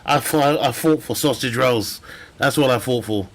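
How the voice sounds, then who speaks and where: A man's voice: medium pitch, moderate pace. A young man chatting casually while streaming a game, rambling and joking with frequent laughter. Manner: rambling, jokey, laughs often. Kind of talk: casual chat while gaming.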